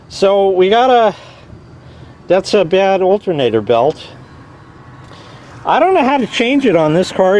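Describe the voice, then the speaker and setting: A man with a rather high voice talks casually and wryly, rambling with the odd mild curse. He is outdoors next to a parked car, filming himself. Faint outdoor hum sits behind him. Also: darkish tone. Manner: rambling, wry, swears lightly. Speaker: car owner vlogging a repair. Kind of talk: casual vlog.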